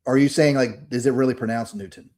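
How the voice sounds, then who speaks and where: Southern guy from alabama on a podcast, mellow low-key voice, jokey and chatty. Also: steady tone, fast. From Alabama, USA. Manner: joking, laughs often, chatty. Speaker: podcast co-host. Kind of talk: casual podcast chat.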